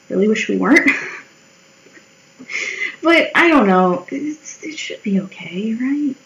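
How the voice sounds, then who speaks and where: A woman's voice: mid-range voice, fairly bright tone, poor audio. A young woman chatting casually in a vlog while she draws, candid and swearing freely, often mimicking the people in her stories. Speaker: vlogger. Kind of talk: casual chat while drawing.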